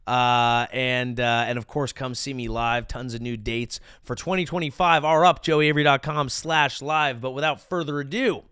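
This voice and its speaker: A young man hosting a comedy podcast, his bright voice coming across upbeat and jokey. The sound is crisp and clean, with a dry, close feel to the room. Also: mid-range voice, steady tone, no echo. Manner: upbeat, jokey, quick asides. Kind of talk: casual podcast chat.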